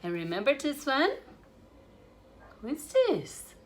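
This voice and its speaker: Slow, sing-song woman teaching small kids. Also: high voice. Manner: slow, sing-song and animated, with playful gasps. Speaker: English teacher for young children. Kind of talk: online kids' English lesson.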